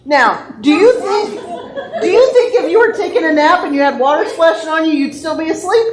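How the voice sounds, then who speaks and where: A woman leading worship, reading scripture and then telling a lively, playful children's message full of exclamations. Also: very high voice, brisk, a crowd in the background. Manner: animated, playful storytelling with exclamations. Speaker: church leader giving a children's message. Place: church sanctuary. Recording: echoey church sanctuary.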